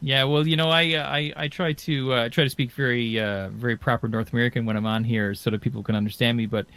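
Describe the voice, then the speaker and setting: A man's voice: medium pitch, steady tone, quick pace, a bit bright, smooth, dry recording. Man co-hosting a podcast; rambly, easygoing, dry close mic. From Newfoundland and Labrador, Canada. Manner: rambling, friendly, lots of "you know". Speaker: podcast co-host. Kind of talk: casual chat.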